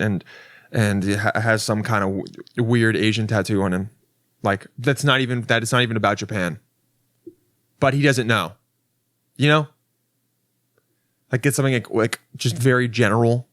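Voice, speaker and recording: A man's voice: lowish voice, fairly bright tone, no echo, clean studio sound. A man hosting a casual solo podcast as a comedian, rambling and restarting his sentences, with profane, wry asides. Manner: rambling and self-interrupting, with frequent restarts.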